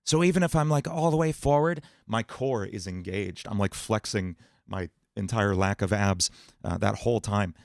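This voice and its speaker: A man hosting a livestream Q&A about singing and voice, explaining in a relaxed way with many fillers. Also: lowish voice, normal speed, creaky, dry recording, clean studio sound. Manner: relaxed explaining, many fillers, breaks into sung and put-on voice demos. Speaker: music producer and livestream host.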